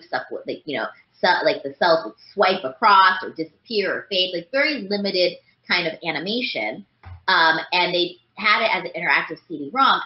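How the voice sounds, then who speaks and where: A woman voice actress chatting as an interview guest, rambling with lots of fillers. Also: fairly low pitch. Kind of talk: casual interview chat. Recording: roomy, dull lo-fi sound.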